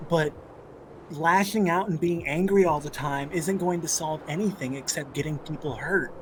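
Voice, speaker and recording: A man's voice: a little high, moderate pace, noisy background, close to an everyday voice. A man voicing a protective, stern woman who scolds firmly but cares. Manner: firm, scolding.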